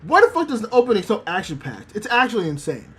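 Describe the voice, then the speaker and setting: A woman streamer rambling about anime in a loose, profane way. Her pitch leaps up and down constantly as she gets worked up, at a middling height overall. She reads out chat comments between her points. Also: quick pace, slightly rough. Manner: animated, profane, rambling with many fillers; reads chat messages aloud. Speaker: VTuber streamer.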